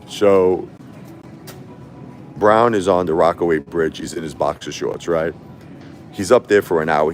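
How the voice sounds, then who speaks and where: A middle-aged man, hosting a live stream and telling rambling stories, repeating himself and laughing often. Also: sits low. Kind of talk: casual live-stream storytelling.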